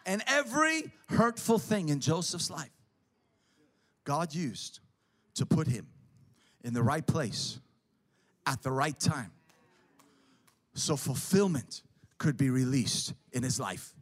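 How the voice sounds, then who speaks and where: A man with a notably high-pitched voice delivers an emphatic sermon. He drives each point home with repeated, parallel phrases. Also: very animated, slow pace, long pauses, a bit bright. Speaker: preacher.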